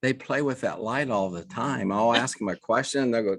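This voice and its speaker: An older man, telling a long personal story as an interview guest in an earnest, halting way with many restarts. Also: mid-range voice, no room sound. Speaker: guest, reverend. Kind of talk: conversational storytelling.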